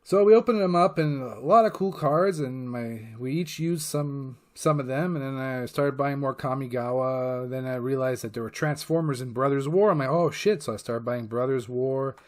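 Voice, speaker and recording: A man rambles through a casual vlog monologue in a voice of ordinary middle pitch. He swears freely and fills his sentences with uhs and restarts, talking like he's chatting to a friend. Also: moderate pace, hardly any pauses. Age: adult parent. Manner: rambling and profane, heavy with fillers. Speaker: channel host.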